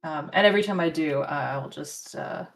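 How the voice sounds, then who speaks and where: A woman at the table as a player, telling the game master what her character does. Her voice sits a little low for a woman. She thinks aloud as she goes, hedging and trailing off with ums. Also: brisk, vocal fry. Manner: tentative, thinking aloud with fillers. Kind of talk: casual tabletop game play.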